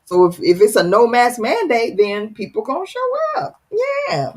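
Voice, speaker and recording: Woman host, casual livestream chat, playful and teasing, animated pitch, slightly breathy. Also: normal speed. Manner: playful, teasing, dramatic, laughs often. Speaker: live stream host reading viewer comments.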